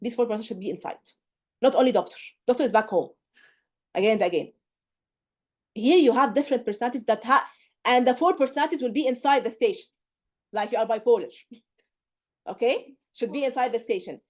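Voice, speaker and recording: Higher-voiced woman tutor lecturing. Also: fast talker, pauses often, a little mellow. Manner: emphatic, repeats checks with the class; coaching, direct. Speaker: exam preparation tutor. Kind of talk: live lecture.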